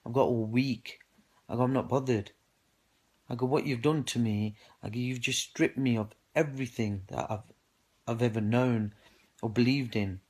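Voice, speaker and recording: An indignant man with a British English accent tells his own story straight to camera, his voice sitting at an ordinary middle pitch. He talks in an aggrieved, personal way, retelling what happened and quoting his own words again and again. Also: steady tone, normal speed, darkish tone, slightly rough. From United Kingdom. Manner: indignant, recounting with repeated "I go" quotes of himself. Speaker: man speaking out on social media.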